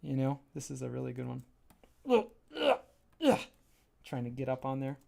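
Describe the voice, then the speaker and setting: Man, casual livestream creator, enthusiastic, rambly, mid-pitch. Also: completely flat delivery, quick pace, gravelly, mellow. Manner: enthusiastic, rambling and self-interrupting. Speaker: graphic novel creator on a livestream.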